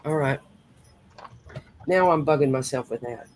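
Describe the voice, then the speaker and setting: A woman's voice: rumbling low, unhurried, noisy background. Chatty woman hosting a craft stream. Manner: chatty, with folksy exclamations. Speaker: host. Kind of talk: casual crafting chat.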